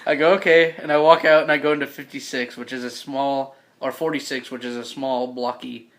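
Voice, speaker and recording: A man's voice: mid-range voice, level tone, a little fast, fairly bright tone. A man casually describing his character's actions in a tabletop game. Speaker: player.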